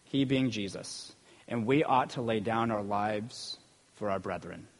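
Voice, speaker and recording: A man's voice: on the low side, unhurried. Conversational man preaching in a reverberant hall. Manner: conversational, frequent "okay?" check-ins, rises in energy telling stories. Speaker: preacher and school PE teacher. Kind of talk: sermon.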